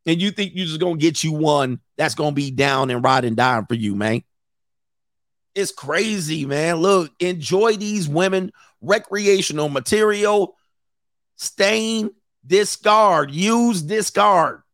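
A brash man with a fairly high voice riffs over a clip he is reacting to, slipping into sing-song mock voices. The sound is close and dry, with no room around it. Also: slow pace, a bit bright, no echo. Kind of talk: animated reaction commentary.

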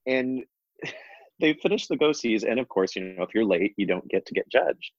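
A man's voice: on the low side, animated, moderate pace, lo-fi sound. A man hosting casual chat, rambling with lots of fillers and frequent laughs.

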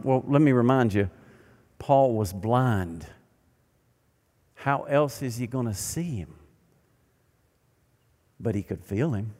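An older man preaching a sermon as pastor, animated and then dropping to quiet emphasis. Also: mid-range voice, unhurried, long pauses. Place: church sanctuary. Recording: long reverb of a large hall.

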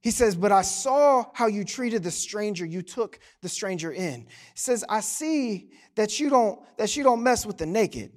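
Male pastor, very high voice, animated sermon delivery with playful asides. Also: unhurried, hardly any pauses. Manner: animated, joking asides to the congregation.

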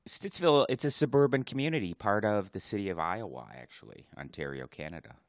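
A man co-hosting a casual podcast, cracking quick jokes and reading facts aloud. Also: fairly low pitch, lively intonation, dry recording, clean studio sound. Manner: joking, quick quips, reads facts aloud. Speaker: podcast co-host. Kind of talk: casual chat.

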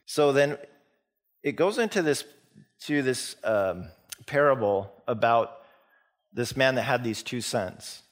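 A man's voice: mid-range voice, lively intonation, takes it slowly, pauses often. A man preaching a sermon as a pastor, retelling a parable in a conversational storytelling way with many restarts. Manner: conversational storytelling with frequent restarts and acted-out quotes.

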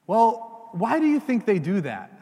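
A male preacher giving a homily to children and parents in a church, animated and often asking the congregation questions. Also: high-pitched, measured pace, big-room sound.

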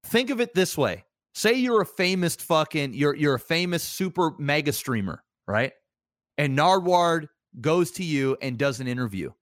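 A man's voice: fairly high pitch, normal speed, no echo. Hyped podcast guy, lots of swearing and bro, dry mic. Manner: excitable storyteller, swears a lot, says "bro" and "dude". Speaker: podcast co-host. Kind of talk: casual chat.

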